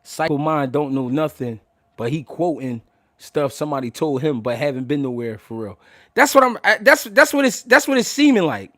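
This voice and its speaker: A man's voice: on the high side, very animated, normal speed, bright, forceful tone, no room sound, clean studio sound. A man hosting a livestream, talking heatedly to his chat, stammering and repeating words as he restarts. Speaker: livestream host answering chat. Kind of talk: emotional unscripted livestream talk.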